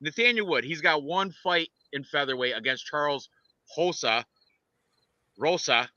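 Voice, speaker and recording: Bright-voiced man rambling about fights. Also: on the high side, measured pace, dry recording, highs cut off. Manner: rambling, excitable, lots of restarts. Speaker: podcast co-host and fight picker. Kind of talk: casual fight-picks chat.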